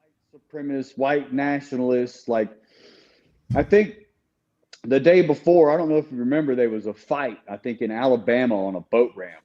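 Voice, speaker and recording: Male guest with a mellow, dark tone, earnest and candid, recorded on dull lo-fi audio. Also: medium pitch, moderate pace. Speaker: guest telling his story. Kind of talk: casual conversation.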